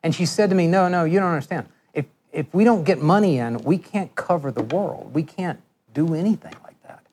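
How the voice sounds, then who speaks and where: A middle-aged man giving a lecture, telling animated workplace anecdotes and acting out the voices of people he quotes. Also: fairly high pitch, brisk, slight background noise. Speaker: guest lecturer. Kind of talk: storytelling lecture.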